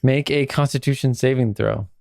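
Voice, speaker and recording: A man narrating a tabletop game as game master in a calm, unhurried way. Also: mid-range voice, creaky, no echo, studio quality.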